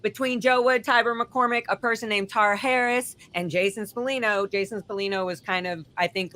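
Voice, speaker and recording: This is a woman who talks in a bright, forceful voice and sits a little low in pitch. She rambles through her story on a casual live stream, swears freely and keeps restarting her sentences. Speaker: guest.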